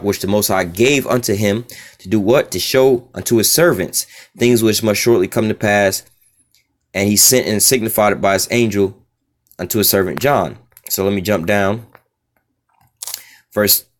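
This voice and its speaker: Man, informal Bible teacher, conversational, repeats fillers. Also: fairly low pitch. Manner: casual, repeats "you know" and "all right".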